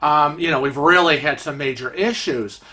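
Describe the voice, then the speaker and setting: A middle-aged husband speaks his mind in a plain, exasperated way while he tries to stay calm, as a man quotes him. His tone is bright and clear. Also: fairly high pitch, moderate pace.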